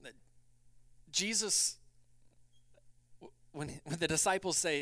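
Male pastor, sermon delivery, clear smooth tone, dry close sound, conversational then urgent. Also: a little high, normal speed, no room sound. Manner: builds from quiet reflection to loud, urgent preaching; conversational, acts out quoted voices.

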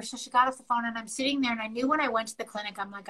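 A middle-aged woman co-hosting a podcast, telling a candid personal story in an emotional, animated way and acting out bits of dialogue. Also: on the high side, rapid-fire, few pauses, poor audio. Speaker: podcast co-host.

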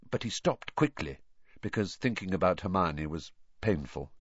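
A reader giving expressive scripted narration of a storybook. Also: low voice, moderate pace, breathy edge, no room sound, dull audio. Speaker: audiobook narrator.

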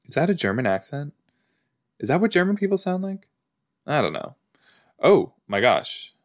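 A man's voice: a little high, very animated, normal speed. A man hosting a podcast, chatting casually while watching a TV episode, rambling with lots of "like" and "you know". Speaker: podcast host. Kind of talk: casual watch-along commentary.

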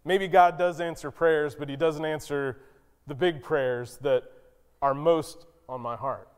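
A man preaching a sermon as pastor, who acts out quoted lines with sudden high, loud outbursts. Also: steady tone, a little slow, smooth. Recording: long hall reverb.

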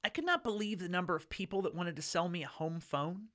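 Guy in his 30s rambling thru a funny story, bright voice, lots of likes and you knows. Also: sits high, quick pace. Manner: rambling, filler-heavy, wry. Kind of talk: casual storytelling chat.

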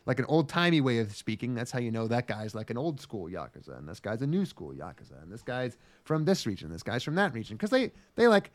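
A young man co-hosting a podcast in casual chat, profane and animated, often acting out quotes in silly voices. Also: medium pitch, fast talker, few pauses. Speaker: podcast co-host.

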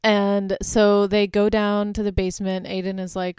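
A woman's voice: mid-range voice, flat delivery, normal speed, darkish tone, smooth. A woman podcast host casually recapping a horror movie, saying "like" constantly and swearing freely.

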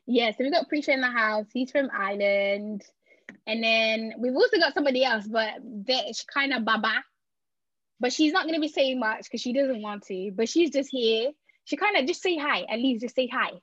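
A young woman hosts a podcast in a chatty, casual way, her voice a touch high. She laughs easily and often restarts mid-sentence. The sound is dry and a little dull, like a lo-fi recording. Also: moderate pace, fairly bright tone, no room sound. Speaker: podcast host.

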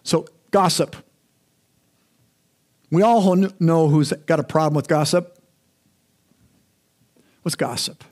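A man's voice: fairly high pitch, slow, pauses often, a little mellow. A middle-aged male pastor giving a sermon in a conversational, candid way, often restarting and repeating words.

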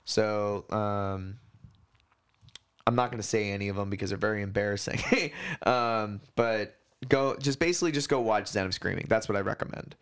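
A man's voice: fairly low pitch, normal speed, clear, resonant tone. A man co-hosting a casual podcast, rambling through explanations with lots of fillers and the odd swear word. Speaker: podcast co-host. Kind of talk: casual chat.

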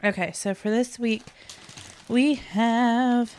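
A woman's voice: a little high, steady tone, takes it slowly, darkish tone, slight background noise. Winded woman chatting casually. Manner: rambling, talkative, tired. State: out of breath, recovering from illness. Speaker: podcast host. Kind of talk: casual chat.

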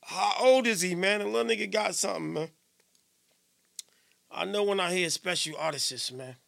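Man, radio host, high-pitched, bright and tense, teasing chatter. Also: normal speed, vocal fry. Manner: playful, teasing, hyped shout-outs. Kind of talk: casual live radio chat.

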